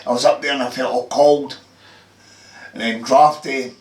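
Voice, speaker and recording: A man's voice: mid-range voice, fairly even intonation, moderate pace. A Scottish man recounting what he saw in brief, plain answers. He sits well back from the mic, so his voice reaches it from across the room. The room itself is echoey. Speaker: eyewitness guest. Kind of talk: casual interview. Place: in a house. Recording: roomy sound from a distance.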